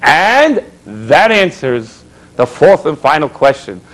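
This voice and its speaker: Very animated yet taking it slowly, a rabbi with a fairly high-pitched voice preaches on his public access TV show. He exhorts viewers, poses rhetorical questions and weaves in stories, all on a rough recording.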